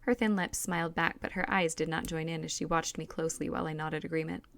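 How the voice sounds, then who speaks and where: A woman reads a novel aloud in first person, keeping a steady, even storytelling pace. Her voice is low and gravelly, and the recording is close and dry with no room sound. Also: quick pace, no echo. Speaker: audiobook reader.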